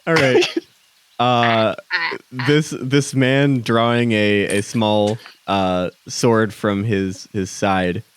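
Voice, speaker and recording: A man narrating a tabletop game as game master, halting with many ums and restarts. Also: on the low side, steady tone, slight background noise.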